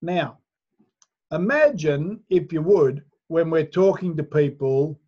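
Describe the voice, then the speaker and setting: A man runs a sales class at an unhurried pace, keeping his listeners nodding along with persuasive questions. The recording is dull and lo-fi. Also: fairly high pitch, lively intonation, dark tone. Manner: persuasive, asks the listener for agreement. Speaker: sales trainer.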